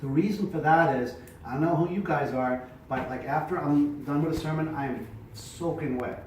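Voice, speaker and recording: A middle-aged male pastor giving casual, chatty advice to other preachers, sometimes projecting loudly from the diaphragm. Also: fairly high pitch, moderate pace. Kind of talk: informal teaching talk to preachers. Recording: echoey room, mic at a distance, faint noise.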